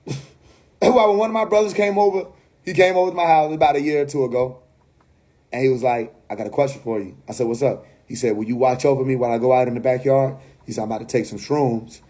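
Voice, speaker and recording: A man, telling a story casually on a live stream, animated and laughing often, dropping to a low mumble when he quotes his friends. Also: fast. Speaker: livestream host.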